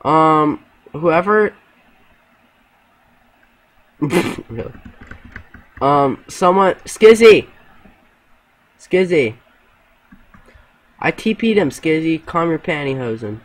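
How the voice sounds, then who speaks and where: Excitable young man in gaming voice chat. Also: fairly high pitch, slow pace, long pauses. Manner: excitable, crude trash talk, shouting at teammates. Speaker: gamer.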